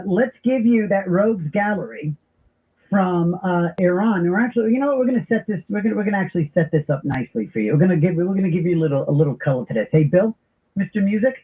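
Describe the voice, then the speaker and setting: A middle-aged man hosting a talk radio show, telling stories in an animated, comic way. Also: high voice. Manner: animated storyteller with comic impressions. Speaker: radio host. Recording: tinny phone-like broadcast audio.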